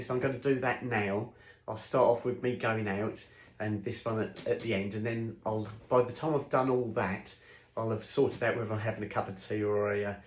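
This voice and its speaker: A man's voice: on the low side, reverberant. A man chatting casually on his home vlog as he unpacks groceries in his kitchen, rambling along and talking to his dogs. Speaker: vlogger. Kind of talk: casual chat.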